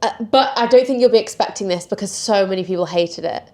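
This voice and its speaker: A woman's voice: mid-range voice, fast, dark tone. A woman hosting a casual podcast chat, laughing often between her points. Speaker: podcast host.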